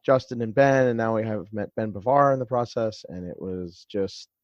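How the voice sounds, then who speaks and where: A man's voice: on the low side, no echo. Modest man on a dull, dry line. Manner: modest, halting, restarts his sentences. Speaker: podcast guest. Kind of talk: interview conversation.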